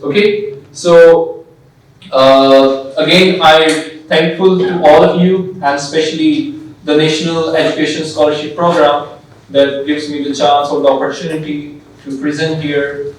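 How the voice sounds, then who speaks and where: A man's voice: fairly high pitch, slight background noise. A man teaching an English class, quizzing the class and answering his own questions. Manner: asks the class questions and answers them himself. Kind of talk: classroom lecture. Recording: echoey room, voice from far off.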